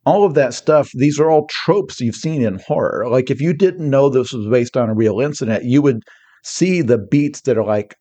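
Mellow-voiced man talking films. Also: mid-range voice. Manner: animated storytelling with quick mock quotes. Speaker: podcast guest. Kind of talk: casual podcast discussion.

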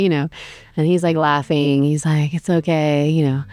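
A woman with a notably low voice tells a rambling travel story in a loose, chatty way. She fills her talk with "like" and "you know" and laughs at herself. Soft guitar music plays faintly behind her. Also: level tone, normal speed, no room sound. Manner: chatty, self-deprecating, lots of fillers. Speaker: podcast host telling a travel story. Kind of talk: casual storytelling monologue.

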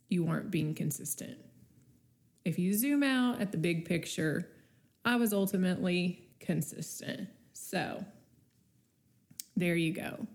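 Slow, gravelly-voiced woman with a stuffy nose. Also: on the low side, a little mellow. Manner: unscripted, chatty and encouraging. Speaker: podcast host. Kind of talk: casual solo podcast monologue.

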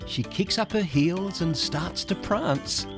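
Slow man narrating a rhyming storybook. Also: sits high, music in the background. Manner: gentle, rhythmic, rhyming delivery.

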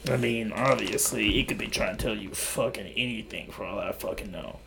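A man's voice: fairly low pitch, fairly quick, vocal fry, background noise. A man hosting a solo podcast, rambling in a profane, casual way. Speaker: podcast host.

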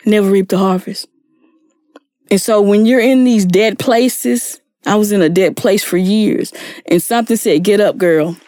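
In a dry, studio-quality recording, a middle-aged guest tells her own story with heartfelt emotion, voicing the people she quotes. She speaks unhurriedly in a mellow, medium-pitched voice.

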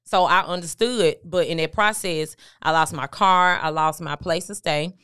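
Her voice is on the low side, smooth and a bit bright, at a moderate pace, in a dry studio-quality recording. A middle-aged woman, guest and motivational speaker on an interview show, candidly shares a personal story conversationally, quoting what people told her.

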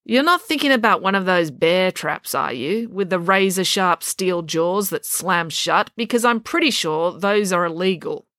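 A woman's voice: fairly low pitch, expressive, normal speed, hardly any pauses, fairly bright tone, dry recording, studio quality. A woman voicing a sulky, jealous teenage boy who grumbles a lot.

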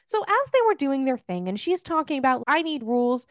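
A woman's voice: high voice, a little fast, no room sound, studio quality. A woman co-hosting a podcast, casually retelling a book's plot with lots of swearing and laughter. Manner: animated retelling with profanity and laughs. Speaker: podcast co-host. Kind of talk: casual book recap chat.

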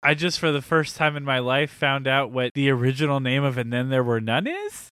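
A man's voice: mid-range voice, animated, brisk, sharp tone, clean tone, no room sound, studio quality. A man hosting a podcast in casual chat, quizzing his co-hosts and laughing often. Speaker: podcast host.

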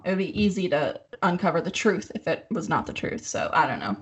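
A woman's voice: lowish voice, very animated, a little fast, husky. A woman in casual podcast chat, teasing and laughing often. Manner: giggly, teasing.

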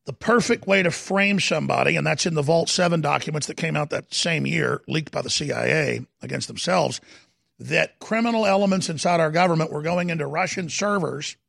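A man hosting a studio talk show, giving heated political commentary in an emphatic, dramatic way, slowing down to stress points and at times rising to a shout. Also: fairly high pitch, dry recording. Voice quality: gravelly. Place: broadcast studio.

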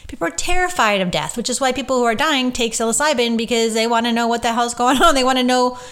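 A woman's voice: a little high, fast talker, fairly bright tone, clean tone. A woman who works as a medium, hosting a casual solo podcast and talking in a gushing, rambling way full of fillers.

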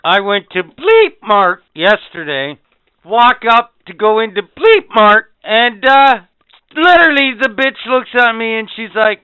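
A man's voice: high-pitched, big pitch swings, a little slow, clear, resonant tone, dry recording. A man telling an indignant, profane story in casual podcast chat. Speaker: podcast co-host. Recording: tinny phone-like sound.

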